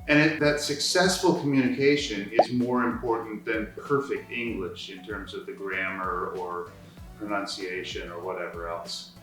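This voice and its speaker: Low-voiced man co-teaching. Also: steady tone, moderate pace. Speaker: course co-instructor. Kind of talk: teaching dialogue. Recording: roomy echo, distant mic, faint music.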